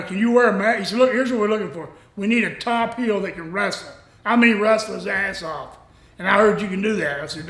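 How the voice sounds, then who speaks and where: A man's voice: high voice, fairly bright tone. A man in his sixties, a former pro wrestler, telling rambling stories in a casual interview and acting out other people's lines. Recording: echoey room.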